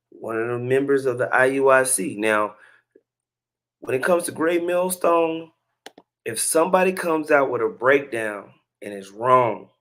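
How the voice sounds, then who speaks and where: A man's voice: medium pitch, a bit bright. A man hosting a religious commentary video, talking in a laid-back, slangy way with laughing asides. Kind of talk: casual commentary.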